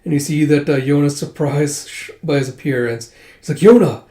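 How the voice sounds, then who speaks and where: A man reading through a manga volume in a casual way, acting out the characters' lines in quick bursts with plenty of fillers. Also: on the high side. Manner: animated, voices characters in bursts, many fillers. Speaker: manga reader. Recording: roomy echo.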